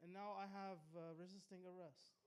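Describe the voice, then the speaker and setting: A high-pitched man rants through an open-mic stand-up bit, swearing constantly and defiantly. He shouts some lines and mutters others under his breath, all in a rambling, unpolished flow. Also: little pitch movement, moderate pace, a little hiss or hum. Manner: profane, defiant, loud bursts then muttering. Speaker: stand-up comedian. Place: small comedy club.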